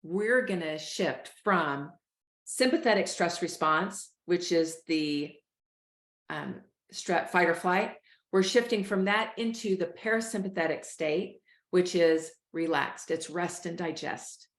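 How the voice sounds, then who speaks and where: Calm coaching woman, low voice, echoey room. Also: slow pace. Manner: calm, coaching, addresses listeners as "y'all". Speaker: host, life coach. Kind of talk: guided breathing instruction.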